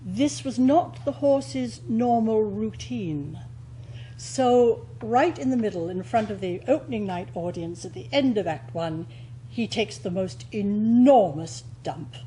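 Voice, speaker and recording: A woman's voice: medium pitch, unhurried, slight background noise, rough recording. Older woman, theatrical storyteller. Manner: lively storyteller, theatrical delivery. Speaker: interview guest, stage actress. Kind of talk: anecdotal interview chat.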